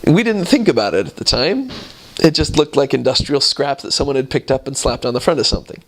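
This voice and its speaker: A man in his thirties recounts his missionary days in an animated storytelling talk. His pitch rises and falls widely as he goes. He slips into the voices of the people he met. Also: fast talker. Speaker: returned missionary.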